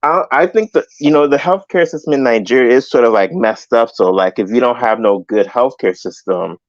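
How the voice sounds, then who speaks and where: A man's voice: mid-range voice, fairly quick, dry recording, dull audio. A man calling in to a live show, rambling and filling his talk with "like" and "you know". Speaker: caller. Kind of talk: call-in opinion.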